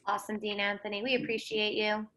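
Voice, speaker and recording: A woman's voice: mid-range voice, little pitch movement, quick pace, bright, forceful tone. A woman teacher running an online class on a video call, upbeat and encouraging.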